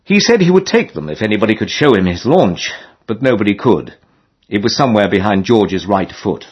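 A man narrating a comic novel in a lively, expressive way with dry humor, in a dull lo-fi recording. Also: on the low side, fairly quick, slightly rough. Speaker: audiobook narrator.

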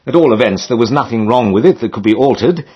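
A man narrating a comic novel in a lively, expressive way with dry humor, in a dull lo-fi recording. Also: medium pitch, fast talker, breathy edge. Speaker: audiobook narrator.

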